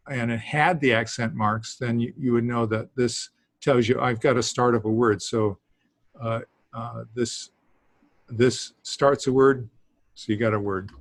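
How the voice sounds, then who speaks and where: A man teaching a beginners' language class, talking haltingly with many fillers and small laughs. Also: medium pitch, no echo. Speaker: Greek teacher. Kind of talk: classroom lesson.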